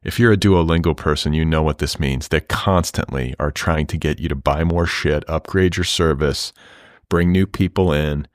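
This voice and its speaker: Deep-voiced man rambling wryly as podcast host. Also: normal speed, no room sound, clean studio sound. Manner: rambling, wry, profane asides. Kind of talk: casual monologue.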